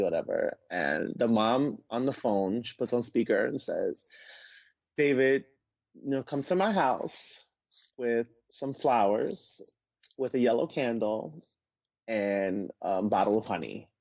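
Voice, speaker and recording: This man speaks at a moderate pace in a mid-range voice, recounting something from his own life as a podcast guest. He's casual and animated, performing the voices of anyone he quotes, over dull, dry audio without echo.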